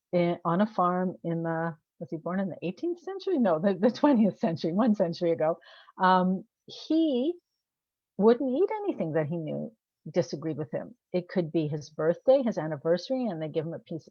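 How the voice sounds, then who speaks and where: A woman's voice: lowish voice, dry recording. A woman coach talking casually to the camera, posing rhetorical questions and laughing at herself. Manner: conversational, asks rhetorical questions. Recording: dull, dry sound.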